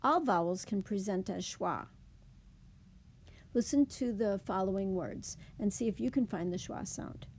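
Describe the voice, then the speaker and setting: A woman teaching a slide presentation lesson, explaining slowly and carefully. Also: mid-range voice, a little mellow, slight background noise. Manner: slow, careful, deliberate explanation.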